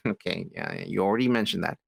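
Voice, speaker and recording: A man's voice: deep voice, fast talker, vocal fry, husky. A man co-hosting a casual podcast, rambling and swearing while reacting to movie news. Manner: rambling, repetitive, swears often. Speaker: podcast co-host. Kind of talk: casual profane nerd-news banter.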